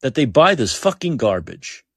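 A man's voice: mid-range voice, sing-song, normal speed, a bit bright, slightly rough, no echo, clean studio sound. A man hosting a podcast, delivering blunt, heated political commentary, swearing freely and repeating phrases for emphasis. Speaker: podcast host.

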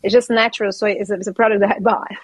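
A woman's voice: mid-range voice, little pitch movement, fast talker, husky, no echo. A woman from Brazil with a Brazilian accent, speaking as a guest in a casual podcast interview, passionate and emphatic, restarting her phrases often. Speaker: guest, artist and actor.

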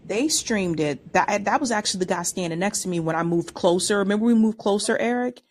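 A woman's voice: mid-range voice, fairly quick. A woman co-hosting a podcast, chatting casually and rambling with restarts and fillers. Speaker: podcast co-host. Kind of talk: casual chat.

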